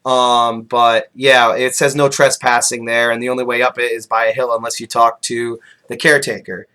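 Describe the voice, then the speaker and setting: A man with an ordinary mid-range voice, speaking as a guest on a casual podcast. He talks hesitantly, filling pauses with ums, and keeps things modest. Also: medium pitch, level tone, sharp tone, clean tone.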